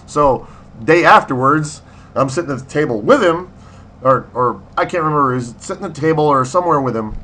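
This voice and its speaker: Chatty fifty-something man, bright voice. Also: on the high side, brisk, a little hiss or hum. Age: 50s. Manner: rambling, animated storytelling with laughs and acted-out quotes. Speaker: video blogger. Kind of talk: casual spoken diary.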